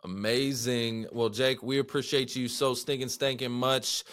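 Excitable male podcast host, dry sound. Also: mid-range voice, measured pace, no room sound. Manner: excitable, storytelling, lots of fillers like "man" and "dude". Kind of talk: animated casual interview chat.

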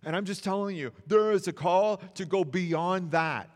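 A man's voice: high-pitched, moderate pace, in a large hall. A man preaching a sermon in an earnest, encouraging way, repeating phrases for emphasis. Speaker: pastor.

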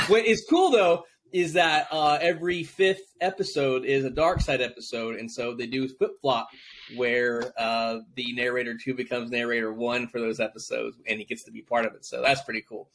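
A man's voice: mid-range voice, fairly even intonation, moderate pace, a bit bright, a little hiss or hum. A man hosting a podcast interview, chatting casually, teasing his guests and laughing often. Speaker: podcast host.

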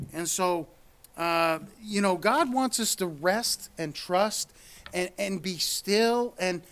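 A man with a high voice preaches earnestly, reading scripture aloud between his own remarks. He repeats words as he goes and climbs higher when he presses a point. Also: a bit bright.

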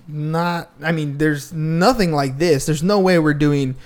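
A man's voice: on the high side, unhurried, a crowd in the background. Reflective podcast host father. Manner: reflective, musing, with many restarts. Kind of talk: casual chat.

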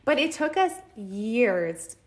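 A woman co-hosting a podcast, telling a personal story in casual chat, animated, acting out quotes and laughing as she goes. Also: a little high, slow pace. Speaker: podcast co-host.

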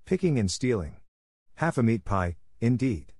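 A man's voice: mid-range voice, sing-song, a little slow, a little mellow, husky, dry recording, studio quality, heavily acted. A man voicing a stern, harsh headmistress who scolds coldly, in an audiobook. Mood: angry. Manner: scolding, cold.

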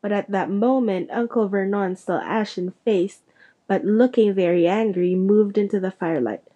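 A woman narrating a storybook aloud in a steady, measured way. Her voice is mellow and dark, at an ordinary pitch. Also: muffled recording. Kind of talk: audiobook reading.

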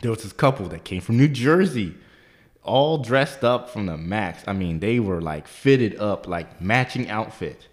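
A man co-hosting a podcast, telling a profane, animated story and leaping into high squeaky voices when he quotes people. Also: unhurried. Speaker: podcast co-host. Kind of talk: casual storytelling chat.

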